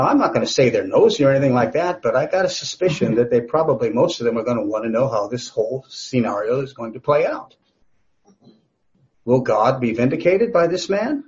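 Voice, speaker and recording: A man delivers a sermon in a mid-pitched voice, chatting with his congregation through rhetorical questions and light asides. The recording sounds a little dull and muffled. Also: a little mellow. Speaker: pastor.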